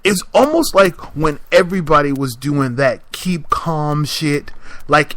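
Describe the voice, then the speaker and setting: A man's voice: a little high, fairly bright tone, no echo. A man hosting a podcast, delivering a sassy, exasperated rant with mocking little impressions. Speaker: podcast host. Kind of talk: ranting monologue.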